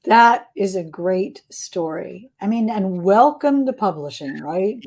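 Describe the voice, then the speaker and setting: A woman's voice: mid-range voice, animated, slow, darkish tone. A woman hosting a livestream interview, enthusiastic and full of praise, reading out viewer questions. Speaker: host and interviewer.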